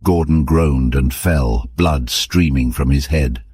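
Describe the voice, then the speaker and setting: A man with a very deep, husky voice reading a story aloud in a clear, even way. The sound is dry and close, with no room around it. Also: takes it slowly, no echo. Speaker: narrator. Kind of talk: audiobook narration for English learners.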